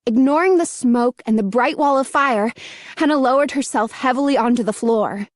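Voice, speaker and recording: Woman reading a spooky kids book slow, high voice, dry sound. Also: no room sound. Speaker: audiobook narrator. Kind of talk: scripted narration.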